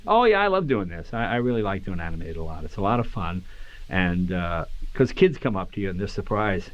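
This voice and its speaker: A man's voice: low voice, fairly quick. A man answering interview questions in a joking, self-deprecating way. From New England. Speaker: voice actor interviewee. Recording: dull lo-fi recording.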